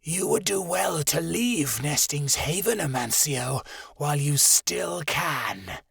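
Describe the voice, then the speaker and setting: A man voicing a sinister male serpent creature who speaks in a slow hiss. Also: on the high side, expressive, creaky, breathy edge, dry recording, studio quality, voice pushed up, heavily acted. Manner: hissing, slow and quiet.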